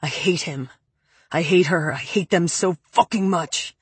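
A woman reading aloud, voicing a tormented young man who yells and swears in anguish, raspy from shouting. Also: lowish voice, measured pace, no room sound. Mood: bitter despair. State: raspy from yelling.

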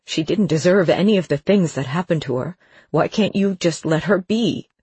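A woman's voice: mid-range voice, lively intonation, normal speed, darkish tone, breathy edge, dry recording, pitched above the performer's own voice. A narrator voicing a distressed, defensive woman who pleads with a shaky voice, in an audiobook. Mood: upset pleading. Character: distressed middle-aged woman protecting her niece. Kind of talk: audiobook character voice.

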